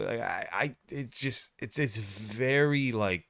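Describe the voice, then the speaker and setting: Man, reaction host, excitable, stumbling restarts, smooth resonant voice, dry close sound. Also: mid-range voice, normal speed, few pauses, dry recording. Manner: excitable, restarts words, swings from loud outbursts to mutters. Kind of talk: casual reaction commentary.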